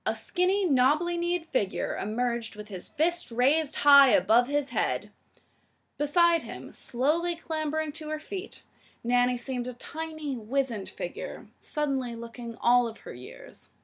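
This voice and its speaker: A woman narrating a story with a lively, expressive reading. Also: a little high, measured pace.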